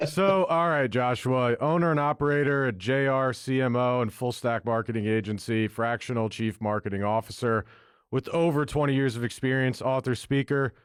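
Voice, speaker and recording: A man's voice: mid-range voice, normal speed, clear, resonant tone, dry recording, studio quality. A man hosting a podcast in casual chat, brash and loose, with some swearing. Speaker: podcast host.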